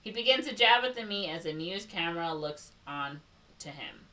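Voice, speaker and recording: This Chicago-accented woman co-hosts a laid-back movie recap podcast, interrupting her reading of a plot summary with sarcastic comments. Her voice sits on the low side and sounds animated and sharp at a normal speed, though the distant mic makes for low-quality audio.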